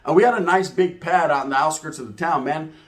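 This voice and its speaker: A man telling a profane, slang-heavy street story in a comedic, animated way. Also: a little high, fast.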